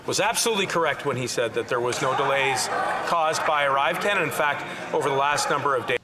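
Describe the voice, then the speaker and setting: A man's voice: medium pitch, fast, heavy background noise. A man answering as a government minister in a formal, assured manner. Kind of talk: parliamentary answer.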